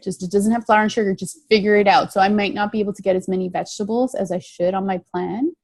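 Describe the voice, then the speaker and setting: A woman's voice: medium pitch, fast talker, hardly any pauses, a little mellow, no echo. A middle-aged woman telling her recovery story in an interview, earnest and emphatic, often repeating key phrases. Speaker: guest sharing recovery story. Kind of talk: interview answers, reflective.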